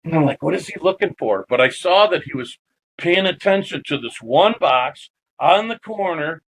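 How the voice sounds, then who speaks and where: A man on a podcast recounts an eerie personal experience, animated and loose, swearing freely as he goes. His voice sits a bit higher than most men's. The delivery is casual storytelling rather than a prepared speech. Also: moderate pace, a little hiss or hum, low-quality recording. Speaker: guest.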